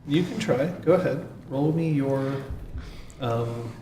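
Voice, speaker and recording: A man narrating a tabletop game as game master, measured and dry, pausing on fillers. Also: medium pitch, dark tone. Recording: echoey room with faint noise.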